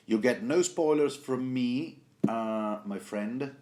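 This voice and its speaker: A man's voice: medium pitch, takes it slowly, a little mellow. A man hosting a rambling, casual book commentary, full of self-corrections and jokey asides.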